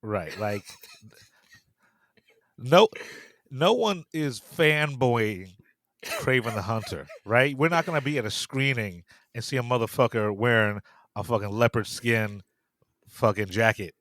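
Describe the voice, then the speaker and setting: A man co-hosting a casual film podcast, relaxed and agreeable, swearing and tripping over his words. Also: mid-range voice, a little slow, long pauses, no echo. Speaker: podcast co-host.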